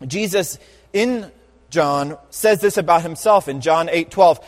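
Emphatic preacher in a reverberant hall. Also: male voice, a little high. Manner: emphatic, slows and repeats key phrases. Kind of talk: sermon.

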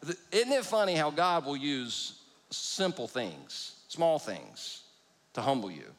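A man's voice: fairly high pitch, big pitch swings, slow. A middle-aged man preaching a sermon, telling stories with self-deprecating humor. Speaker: pastor. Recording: long reverb of a large hall.

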